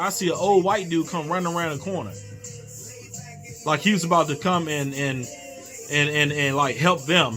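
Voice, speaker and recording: A man's voice: high voice, a bit bright. A young man telling an angry personal story, heated and profane, repeating himself and acting out what people said. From Virginia. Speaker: man recounting an incident.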